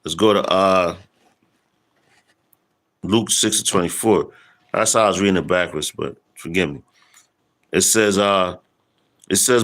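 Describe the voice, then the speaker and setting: His preaching is casual and street-flavored, heavy on slang and cursing, broken up by slow, emphatic readings of scripture. The man's voice is low but fairly bright in tone.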